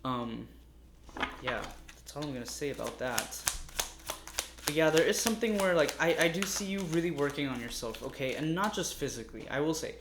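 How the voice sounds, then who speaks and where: A man's voice: fairly high pitch, animated, a little fast. A man giving a casual, meandering tarot reading, talking straight to his viewers and sounding a little exasperated. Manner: chatty, meandering, addresses viewers warmly as loves. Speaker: tarot reader. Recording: echoey room with faint noise.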